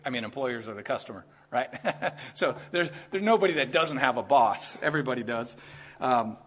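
A man's voice: medium pitch, animated, moderate pace, a bit bright, breathy edge. A middle-aged man preaching a sermon in a church, talking to the congregation conversationally and with emphasis, and dropping in joking asides.

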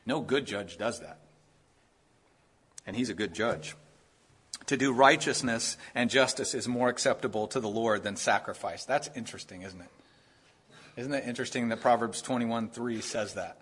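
A man preaching a sermon in an earnest, conversational way, with quick asides to the listeners. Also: mid-range voice, fairly bright tone, breathy edge. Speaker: pastor.

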